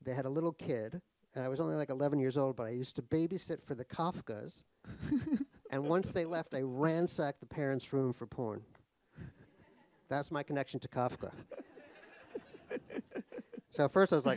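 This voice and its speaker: A middle-aged man tells funny stories about himself on stage. His pitch sits in the ordinary middle range, and his delivery is wry and rambling, full of fillers and restarts. The recording is dry and close, with little room sound. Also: moderate pace, long pauses, a little mellow, no room sound. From United States (New York). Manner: wry, self-deprecating, laughs at his own jokes. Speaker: author guest in a stage conversation. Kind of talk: comic anecdotal storytelling. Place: live talk at a cultural center.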